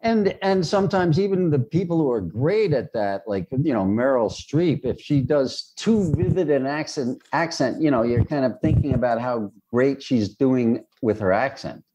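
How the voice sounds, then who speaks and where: Man, film writer-director guest, warm dark tone, reflective, relaxed interview talk. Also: medium pitch, husky, dull audio. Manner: thoughtful, reflective, fills pauses with "you know".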